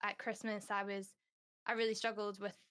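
A woman's voice: mid-range voice, level tone, normal speed, a bit bright, clear, resonant tone. A young woman guest on a podcast, speaking candidly and at length in a rambling, casual way, full of "like" fillers. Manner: acts out quoted dialogue.

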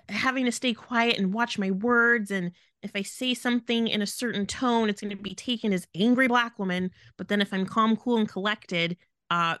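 A woman's voice: medium pitch, a bit bright, no echo. Emphatic woman podcast co-host, dry sound. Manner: frank and emphatic. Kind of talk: casual podcast chat.

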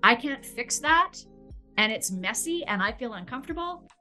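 A woman speaks as a podcast guest in a fairly high, bright, forward voice. She is earnest and expressive, often laughing and using casual fillers. Soft music sits faintly underneath. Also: moderate pace. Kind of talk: conversational podcast interview.

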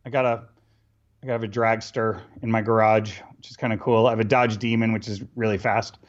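A middle-aged man telling stories casually as an interview guest, animated and acting out bits of dialogue with laughs. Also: lowish voice, fairly quick. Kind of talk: casual storytelling. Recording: dull lo-fi recording.

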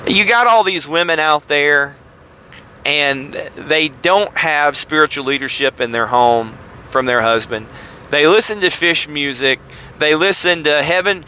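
A man's voice: on the high side, unhurried, sharp tone, slight background noise. A man hosting a podcast, talking in a wry, sardonic commentary style with stumbling restarts. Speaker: podcast host. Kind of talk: casual commentary.

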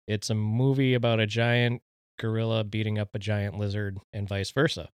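A man's voice: on the low side, level tone, moderate pace, clear, resonant tone, dry recording, studio quality. A man from Minnesota co-hosting a podcast, chatting casually about movies and laughing often. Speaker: podcast co-host. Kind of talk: casual chat.

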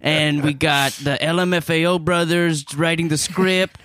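An actor playing a dream-stalking slasher as a goofy guest, rambling through improvised pitches and laughing at his own ideas. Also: fairly even intonation, a little slow, fairly bright tone, dry recording. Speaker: guest in character. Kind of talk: improvised comedy interview.

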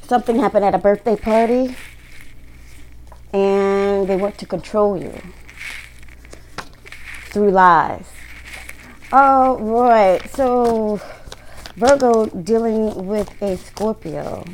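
A woman reads tarot cards at an unhurried, slow pace. She talks bluntly and casually to her viewers and swears freely. A faint hiss sits under her voice. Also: medium pitch, rough recording. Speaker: tarot reader. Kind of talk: casual tarot reading to camera.

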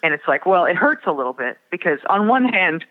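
A man from the Fargo area, a songwriter guest, talking reflectively with many pauses and fillers. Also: high-pitched, sing-song. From Fargo area, Minnesota. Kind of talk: casual interview. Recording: tinny phone line with long reverb.

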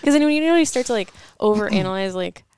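A woman's voice: medium pitch, expressive, rapid-fire, darkish tone. A woman in a casual podcast chat, chatty and giggly, self-conscious about how she talks.

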